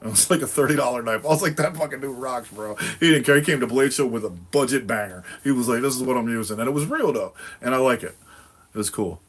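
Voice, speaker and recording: A man's voice: mid-range voice, fast talker, fairly bright tone, slightly rough. A man from New England hosting a casual livestream, chatting with viewers in a laid-back, profane, rambling way with lots of fillers and laughter. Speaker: livestream host. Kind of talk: casual livestream chat answering viewer comments.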